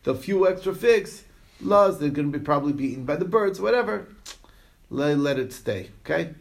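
Gravelly man teaching a text class. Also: a little high, lively intonation, moderate pace. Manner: reads text aloud and explains it in chatty asides; storytelling with frequent "okay?" check-ins. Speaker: Talmud teacher. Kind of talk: casual Talmud class lecture.

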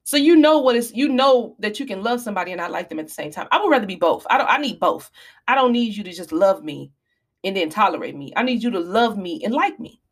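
A woman's voice: medium pitch, quick pace. Preachy woman podcaster, casual speech. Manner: animated, preachy, apologizing in mock fashion. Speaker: podcast host. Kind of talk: casual advice talk.

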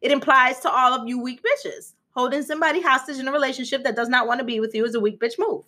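A woman's voice: high-pitched, quick pace. Brash, profane woman podcast host. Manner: profane, brash and animated, sings parts of her intro. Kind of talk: casual solo podcast monologue.

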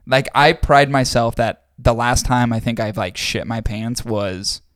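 A man's voice: medium pitch, a little slow, a bit bright, smooth, no echo, studio quality. Rambling, hesitant man on a podcast. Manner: rambling, hesitant, self-deprecating storytelling. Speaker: podcast co-host. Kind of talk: casual chat.

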